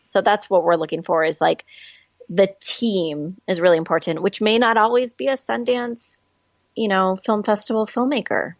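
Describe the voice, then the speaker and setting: A woman guest on a podcast, speaking in an animated, candid way and laughing easily. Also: mid-range voice, normal speed, no echo. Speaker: guest, film distribution manager. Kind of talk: casual interview chat. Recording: dull lo-fi call audio.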